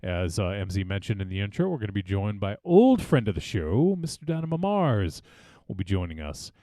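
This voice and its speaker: Male podcast host, loose and jokey, lively pitch, dry close mic. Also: fairly quick, no room sound. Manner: loose and joking, swears freely, many fillers. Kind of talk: casual chat.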